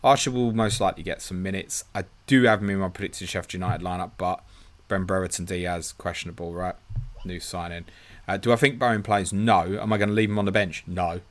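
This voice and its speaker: A man with a low-sitting voice talks briskly and with fairly even intonation. He's hosting a live stream, chatting casually, reading viewer questions aloud, answering them, and calling folks "mate."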